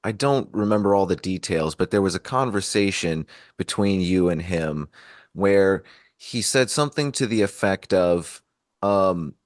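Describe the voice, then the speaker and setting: A man hosting a podcast interview, asking long halting questions full of ums. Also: deep voice, animated, dry recording, clean studio sound. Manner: halting, many fillers, admiring questions. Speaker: podcast host. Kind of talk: casual interview.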